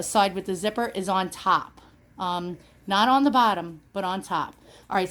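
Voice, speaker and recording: A woman with a New York accent giving a casual how-to demonstration, chatty and full of ums and uhs. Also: medium pitch. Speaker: product demonstrator.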